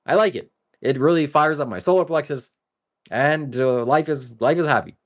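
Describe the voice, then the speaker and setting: A man's voice: on the high side, moderate pace. A man talking to his live-stream viewers in a rambling, casual way that swings between joking and earnest. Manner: talks straight to viewers. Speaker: livestreamer.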